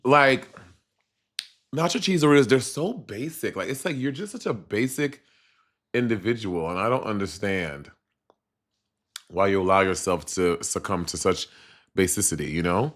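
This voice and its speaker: On a casual live stream, a man with a Caribbean accent chats with viewers in a sassy, animated way. His voice is lowish, his pace moderate, and he pauses often.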